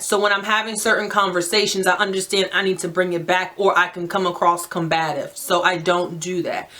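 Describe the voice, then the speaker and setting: A woman from New Jersey with a New Jersey accent, giving emphatic, direct life advice to camera and often checking in with "right?". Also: mid-range voice. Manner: naturally loud. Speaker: advice vlogger.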